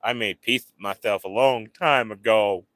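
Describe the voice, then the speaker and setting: A man's voice: fairly low pitch, moderate pace, fairly bright tone, no room sound. A man hosting a casual livestream, rambling to his viewers and cooing at his pets. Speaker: livestream host.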